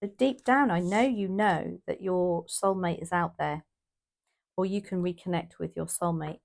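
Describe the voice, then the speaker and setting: A woman's voice: fairly low pitch, unhurried, gravelly. A woman from the UK doing a casual, emotional tarot reading, rambling with restarts and exclamations. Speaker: tarot reader.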